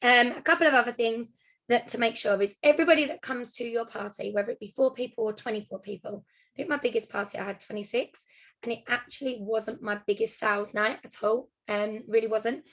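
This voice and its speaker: A woman's voice: fairly high pitch, fairly even intonation, brisk, a bit bright. A woman casually sharing practical party-hosting tips on a group call, friendly and a little rambling. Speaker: direct sales consultant sharing tips.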